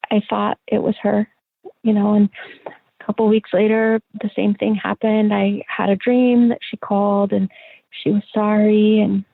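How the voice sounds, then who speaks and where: A middle-aged woman, an interview guest, telling a personal story in a halting, reflective way with many fillers. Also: medium pitch, vocal fry, no echo. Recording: tinny phone-line sound.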